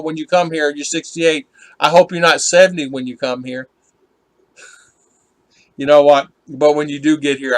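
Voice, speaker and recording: A man's voice: on the high side, fairly bright tone, no room sound. A man hosting a casual live stream, rambling and chatting with viewers, laughing often as he reads their comments.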